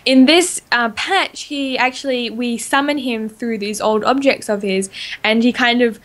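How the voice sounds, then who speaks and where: A woman with an Australian accent, co-hosting a podcast and chatting excitedly about game lore with plenty of fillers. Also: fairly high pitch, measured pace. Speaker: podcast co-host. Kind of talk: casual podcast chat.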